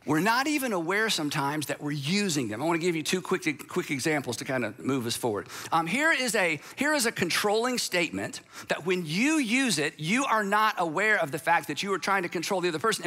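A man's voice: sits high, pushed and bright. A man giving a sermon-style talk to an audience, emphatic and conversational, with sarcastic asides. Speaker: speaker.

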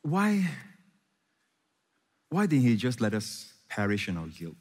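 A man preaching a sermon as pastor, impassioned, swinging from loud questions to hushed, tender reassurance. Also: mid-range voice, wildly swooping pitch, slow pace, in a large hall.

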